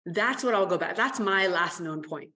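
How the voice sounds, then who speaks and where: A woman's voice: fairly low pitch, lively intonation, moderate pace, bright, forceful tone. A middle-aged woman investor speaking as a podcast guest in earnest, encouraging casual conversation, often restarting her phrases. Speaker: venture capital investor and guest. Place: home office.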